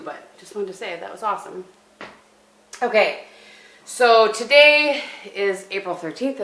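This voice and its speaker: Middle-aged woman, lowish voice, chatty home vlogger, echoey room with a faint hum. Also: a bit bright. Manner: chatty, rambling, with many restarts. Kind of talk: casual chat to camera. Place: at home indoors.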